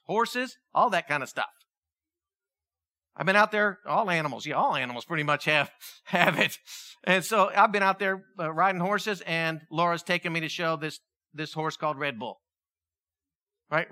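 Animated high-voiced male preacher. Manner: animated, questioning, acts out quotes. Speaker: pastor. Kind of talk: sermon.

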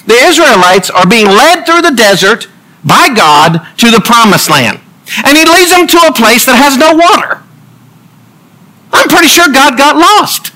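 A male preacher delivers a humorous sermon packed with jokes and quick asides, laughing at his own lines. His high, bright voice jumps up and down in pitch as he speaks animatedly, though the recording quality is low.

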